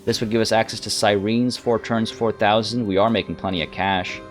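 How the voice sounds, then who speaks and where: Man, game commentary, hesitant, musing, lowish voice. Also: fairly even intonation, brisk, soft background music. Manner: thinks aloud, hesitant and musing. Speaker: let's play host. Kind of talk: gameplay commentary.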